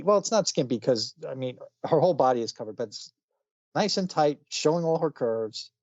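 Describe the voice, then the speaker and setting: A middle-aged man co-hosts a comics review podcast, chatting casually and rambling with restarts, self-corrections, and chuckling asides. His voice is medium-pitched with a darkish tone. The lo-fi recording sounds dull and dry.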